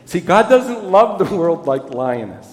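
A man's voice: high-pitched, very animated, unhurried, darkish tone. Man preaching in an echoey hall. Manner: conversational storytelling with self-deprecating humor. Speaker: pastor. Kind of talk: sermon.

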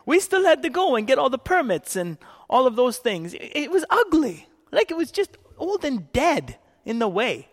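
A man's voice: very high-pitched, big pitch swings, moderate pace, few pauses, long reverb tail. A man from Canada giving a sermon, telling stories with frequent laughs and acted-out quotes. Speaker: preacher.

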